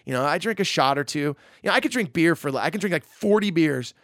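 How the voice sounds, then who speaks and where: A middle-aged man telling a loose, animated anecdote from his days in a band, full of "you know" and "like". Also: a little high, quick pace, no room sound, studio quality. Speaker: musician telling a story. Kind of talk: casual anecdote storytelling.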